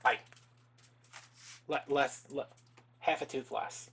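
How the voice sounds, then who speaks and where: A man's voice: medium pitch, fairly even intonation, takes it slowly, gravelly, a bit bright, slightly rough. A man chatting casually while making a craft at a table, joking and rambling with self-mocking asides. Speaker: DIY craft vlogger. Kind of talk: casual crafting vlog chat. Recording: audible background noise.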